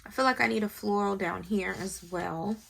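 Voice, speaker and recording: A woman's voice: medium pitch, moderate pace, creaky, background noise. A woman, chatting to viewers while decorating a planner and telling a family story. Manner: chatty storytelling, talks to viewers, thinks aloud. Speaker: planner vlogger and mother. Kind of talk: casual chat while decorating.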